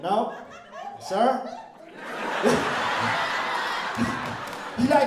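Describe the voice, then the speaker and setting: A man's voice: extremely high pitch, animated, extremely slow, long pauses, distant mic, noisy background. Brash man doing stand-up in a club. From Philippines heritage. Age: middle-aged. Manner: brash, crude, conversational crowd work. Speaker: stand-up comedian. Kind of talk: stand-up comedy set. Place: comedy club stage, live audience. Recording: roomy club sound, crowd laughter.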